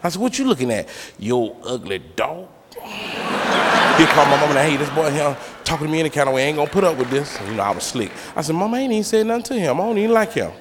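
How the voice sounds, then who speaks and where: A man's voice: a little high, rapid-fire, noisy background. A man performing a stand-up comedy set, telling stories and acting out voices on a club stage. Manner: animated storytelling, acting out voices. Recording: live club recording, long reverb, loud crowd.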